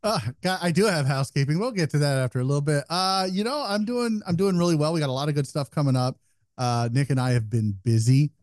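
A man co-hosting a casual podcast chat, telling stories in a swearing, animated way. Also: a little high, quick pace, no echo, studio quality. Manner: profane, animated storytelling. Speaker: podcast co-host.

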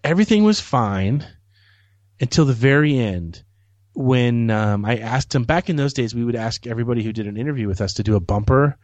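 A man's voice: medium pitch, lively intonation, brisk, darkish tone, dry recording, muffled recording. A man hosting a podcast, telling a long anecdote in a rambling way with many restarts. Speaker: podcast host. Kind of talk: casual chat, anecdote.

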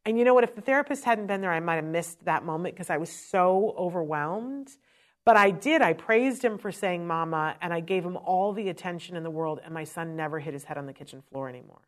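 A woman's voice: lowish voice, brisk. A woman speaking earnestly and emotionally, sharing a personal parenting story in a conversational talk about autism.

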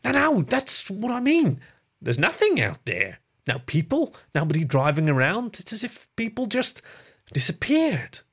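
Terse grumbling male rat, raised high and lively, man voicing him. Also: measured pace, husky, exaggerated voice. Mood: shaken. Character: grumpy steady male rat, adult husband.

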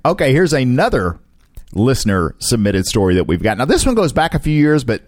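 Brief: giggly male co-host, lively up-and-down voice, dry close sound. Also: mid-range voice, fairly quick, dry recording. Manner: giggly, laughs often while reading. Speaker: podcast co-host. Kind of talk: casual chat reading odd news stories.

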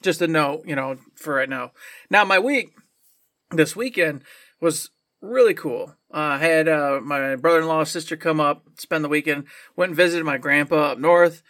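Man, podcast co-host, bright voice, animated, emphatic storytelling. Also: a little high, moderate pace. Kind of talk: casual podcast chat.

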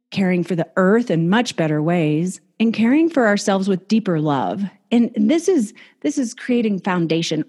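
A woman's voice: medium pitch, darkish tone. A woman life coach hosting her own show, giving a casual, enthusiastic motivational talk that encourages her listeners. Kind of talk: motivational self-help talk.

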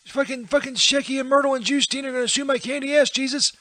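A man's voice: extremely high pitch, fairly even intonation, fast, pushed and bright, no room sound, voice pushed up. A man playing Peter, a jittery, foul-mouthed, whiny comedy character who keeps crying out to Jesus. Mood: nervous. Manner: frantic, swearing, keeps invoking Jesus. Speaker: comedy character on a live show. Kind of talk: comedy bit.

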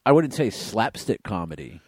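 Dry-humored podcast co-host, low-pitched man. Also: sing-song, moderate pace, no room sound. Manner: dry, mock-exasperated banter. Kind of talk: casual podcast chat.

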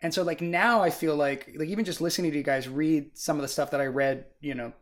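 A man's voice: fairly high pitch, fast. A man co-hosting a casual book discussion, rambling and filling his talk with "like" and "you know". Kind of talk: casual chat.

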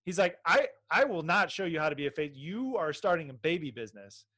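A man's voice: on the high side, sing-song, brisk, bright, forceful tone. A middle-aged man telling an entrepreneur story in casual chat, rambling with many restarts and fillers. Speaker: podcast guest, baby sleep business owner.

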